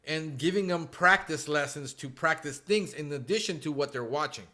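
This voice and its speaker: Male host, higher bright voice, enthusiastic, affirming, recaps the guest's points. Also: moderate pace. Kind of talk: conversational interview.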